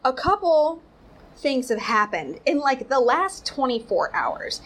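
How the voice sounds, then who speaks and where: Rambling, sarcastic woman with a higher voice. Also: big pitch swings, unhurried, fairly bright tone, poor audio. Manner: rambling, sarcastic, heavy use of "like". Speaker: commentary show host. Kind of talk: casual commentary.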